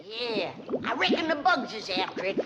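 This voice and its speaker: An actress playing a feisty old hillbilly granny with a twangy drawl, in a 1960s sitcom. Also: female voice, a little high, sing-song, normal speed, noisy background. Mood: brisk. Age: older. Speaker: sitcom character. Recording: old TV sitcom audio with loud studio laugh track.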